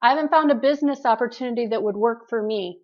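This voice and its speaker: A woman's voice: a little high, fast talker, a little mellow, muffled recording. Earnest woman giving a pep talk. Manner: earnest, preachy, talks straight to listeners. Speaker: motivational call host. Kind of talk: motivational talk on a group call.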